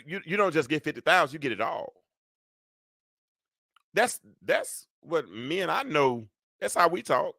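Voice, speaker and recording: A man in his fifties hosts a live call-in show in a rambling, animated way, with a bright, forceful tone. The sound is close and dry, with almost no room around it. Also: high-pitched, vocal fry, no echo. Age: 50s. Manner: rambling, animated, talks back to callers and chat. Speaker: show host.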